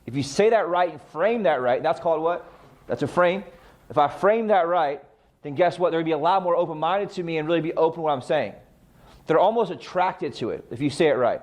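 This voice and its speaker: Coaching a real estate class, this middle-aged man speaks fairly quickly in a slightly high voice, captured on dull audio. His training talk is full of rhetorical questions that he answers for the group.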